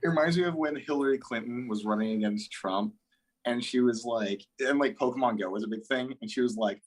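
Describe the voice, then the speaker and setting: A man's voice: medium pitch, brisk. A man chatting as a livestream guest, blunt and talkative, with lots of "like"s and easy laughter. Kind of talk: casual chat.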